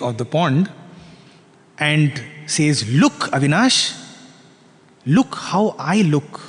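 Man, spiritual teacher telling a parable, high-pitched voice, animated, rhetorical questions, long hall reverb. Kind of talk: storytelling sermon.

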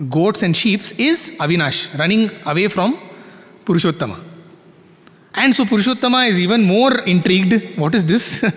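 A man telling a parable as a spiritual teacher, animated and full of rhetorical questions. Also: high voice. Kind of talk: storytelling sermon. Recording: long reverb in a hall.

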